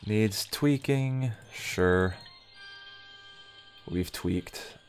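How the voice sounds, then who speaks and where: A man's voice: lowish voice, very slow, faint music behind. A young man giving offhand, wry let's-play commentary as he plays a game, muttering remarks to himself. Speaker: gaming video host.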